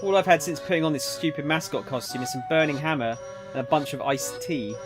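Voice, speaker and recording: A man's voice: fairly high pitch, brisk, music in the background, natural voice. A man voicing a weary young woman in a mascot costume, dry and sarcastic.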